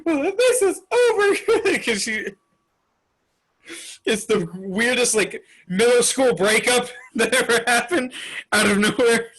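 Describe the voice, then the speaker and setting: A man co-hosting a podcast, excitedly recapping a comic chapter in casual chat and laughing often. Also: very high-pitched, takes it slowly, pauses often, slightly rough, poor audio. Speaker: podcast co-host.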